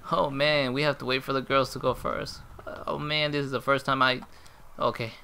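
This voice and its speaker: This is a man narrating his own gameplay as it happens, excitable and chatty with his audience. His voice has a gravelly rasp to it. It sounds bright and pushed forward, with faint noise underneath. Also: mid-range voice, measured pace. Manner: excitable, reacting aloud and talking to viewers. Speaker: gameplay commentator. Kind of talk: live gameplay commentary.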